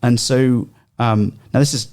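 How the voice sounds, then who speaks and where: A man's voice: medium pitch, unhurried. Chatty man explaining scripture with fillers. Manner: animated, explains at length with many ums and restarts. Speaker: Bible study guest. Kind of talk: casual discussion podcast.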